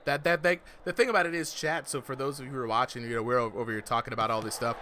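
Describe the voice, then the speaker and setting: A man's voice: medium pitch, fairly even intonation, rapid-fire. A man calling a boxing exhibition live as a commentator, full of slang and hype, often asking "you know what I'm saying". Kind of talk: live esports-style fight commentary. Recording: noisy livestream audio.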